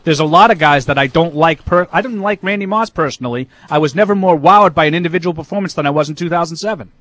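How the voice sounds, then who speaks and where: A man's voice: on the high side, fast talker, a bit bright, dry recording. A man co-hosting a casual sports talk show, opinionated and argumentative, with lots of fillers. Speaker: sports radio co-host.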